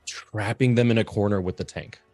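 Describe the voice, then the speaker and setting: A man's voice: on the low side, fairly even intonation, brisk, darkish tone, dry recording, faint music behind. Eager man playing a tabletop game, dry sound. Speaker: player. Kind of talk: casual game talk.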